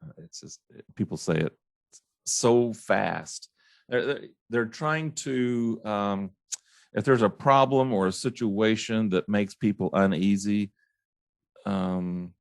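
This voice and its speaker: A man hosting his own show, ranting casually about overused phrases, stumbling and restarting often and mimicking others in a high mocking tone. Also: vocal fry, no room sound, clean studio sound. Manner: halting restarts, repeats words. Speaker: podcast host. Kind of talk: casual solo rant.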